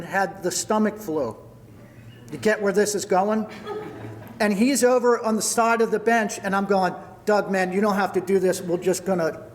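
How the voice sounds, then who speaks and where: Older man giving a speech in a reverberant hall. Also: sits high. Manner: storytelling, thanking people by name. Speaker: retiring hockey coach. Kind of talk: retirement party speech. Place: large event hall.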